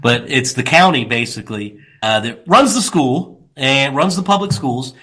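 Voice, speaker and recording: A man hosting a radio talk show, telling a story with animated, mocking impressions. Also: medium pitch, normal speed, a little hiss or hum. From Louisiana, US. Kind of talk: casual radio chat.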